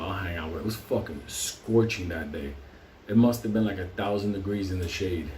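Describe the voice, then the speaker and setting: A vlogger with a mellow voice on the low side tells a long, profane anecdote in casual style, often breaking into laughter. The sound is roomy with the mic at a distance, and there's a little hiss or hum.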